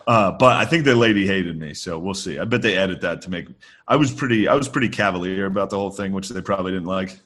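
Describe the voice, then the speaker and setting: A man's voice: low voice, fast talker, fairly bright tone. A man co-hosting a podcast, telling stories in loose, profane banter and laughing often. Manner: swearing, laughing, playful impressions. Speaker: podcast co-host.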